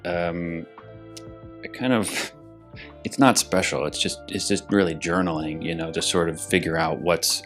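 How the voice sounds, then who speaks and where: Man, deep voice, actor in an interview, rambling, many restarts, faint music behind. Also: unhurried. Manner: acts out his own frantic thoughts in a loud, high voice. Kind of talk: casual interview talk.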